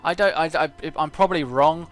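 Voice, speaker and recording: A man's voice: fairly high pitch, fairly quick. A man commenting on his own strategy game as he plays, thinking aloud with frequent hesitations and fillers. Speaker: let's play gamer.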